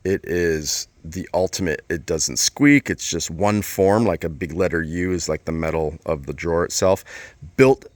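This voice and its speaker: A man's voice: sits low, normal speed, dry recording. A man talking casually and enthusiastically about his vehicle in a rambling vlog walkaround. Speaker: vlogger.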